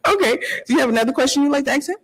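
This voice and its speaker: A woman's voice: sits high, animated, very fast, background noise. A woman hosting a dating show, asking contestants questions in an upbeat, encouraging way.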